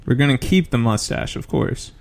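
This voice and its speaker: Deadpan man with a gravelly voice. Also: medium pitch, normal speed. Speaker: podcast co-host. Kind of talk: casual chat.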